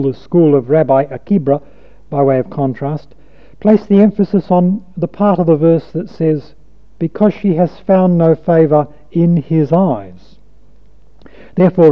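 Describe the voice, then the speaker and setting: A man preaching a sermon, reading scripture aloud and stressing rhythmic wordplay. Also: fairly high pitch. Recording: tinny phone-like recording.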